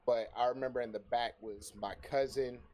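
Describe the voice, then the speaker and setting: A young man spins a rowdy story in casual conversation, cursing often and laughing between lines. His voice sits at an ordinary middle pitch, with faint noise under the recording. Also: normal speed. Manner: profane, animated, laughs often. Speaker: podcast guest telling a story.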